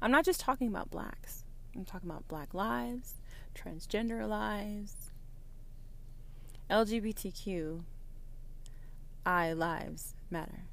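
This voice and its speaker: A woman hosting her own podcast, talking in a defiant, profane, preachy monologue that swings between quiet musing and loud outbursts. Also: medium pitch, takes it slowly, gravelly, pauses often. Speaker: podcast host.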